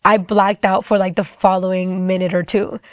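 A woman's voice: medium pitch, flat delivery, moderate pace, no echo, clean studio sound. A young woman telling her faith testimony casually, rambling with lots of fillers. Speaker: guest telling her story.

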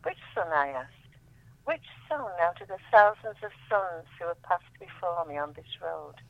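A woman reading her own poems aloud in a measured, solemn way, then chatting about them. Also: fairly low pitch, lively intonation, creaky, dry recording, narrow, tinny audio. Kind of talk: poetry reading and radio chat.

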